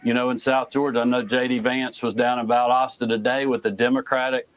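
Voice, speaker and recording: Measured governor on TV. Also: male voice, medium pitch, little pitch movement, dry recording, poor audio. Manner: measured, deliberate political talking points with frequent "uh"s. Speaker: governor being interviewed. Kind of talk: TV news interview answers.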